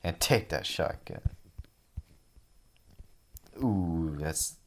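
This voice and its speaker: Slow, low-voiced man reviewing a comic. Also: expressive. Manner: conversational, wry. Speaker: webcomic reader and reviewer. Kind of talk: casual reaction commentary.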